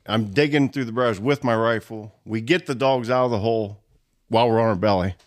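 A man's voice: mid-range voice, brisk, no room sound, studio quality. A man telling a hunting story in casual, colloquial speech, laughing as he goes. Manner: animated, laughs through his story; rural colloquial grammar. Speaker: guest storyteller.

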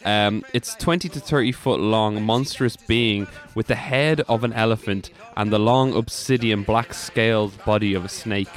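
A man's voice: fairly low pitch, moderate pace, few pauses, faint music behind. A man co-hosting a comedy podcast, telling stories with lots of self-correction in casual chat. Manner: animated storyteller, laughs easily, self-correcting. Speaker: podcast co-host.

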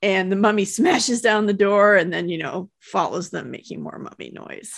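A woman's voice: medium pitch, moderate pace, vocal fry, slightly rough, no echo, clean studio sound. A woman co-hosting a podcast, chatting casually about a cartoon episode and laughing often. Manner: chatty and giggly. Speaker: podcast co-host. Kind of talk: casual chat.

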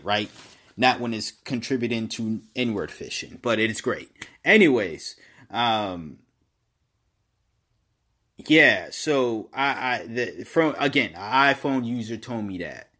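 A man speaks in a somewhat low voice at an unhurried, deliberate pace. He gives casual opinion commentary on his own, stumbling and repeating words before pressing each point with emphasis. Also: expressive, bright, forceful tone.

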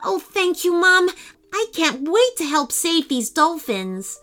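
A woman voicing an eager young girl who loves dolphins, speaking in an excited, breathless way. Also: very high-pitched, normal speed, faint music behind, voice pushed up.

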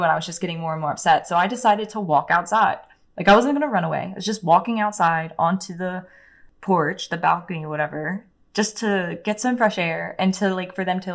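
Candid young woman with a low voice. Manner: candid, profane, heavy use of "like". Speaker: interview guest. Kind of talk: casual storytelling.

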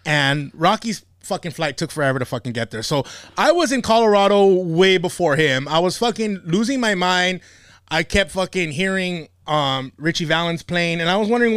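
A man's voice: sits high, normal speed, smooth, dry recording, studio quality. A man hosting a podcast, telling a story in a casual, profane way and laughing often. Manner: animated, swears a lot, laughs often. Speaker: podcast host.

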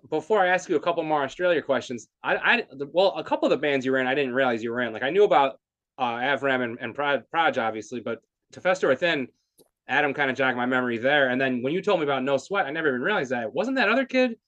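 A man's voice: medium pitch, expressive, quick pace, a bit bright, highs cut off. A man hosting a podcast, asking questions in a chatty way with lots of fillers. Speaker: podcast host. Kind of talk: casual interview.

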